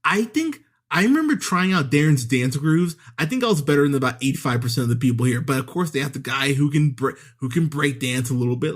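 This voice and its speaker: A man's voice: medium pitch, fairly quick, breathy edge. A man ranting through a sarcastic, profane movie review on a podcast, with exasperated asides and mocking impressions.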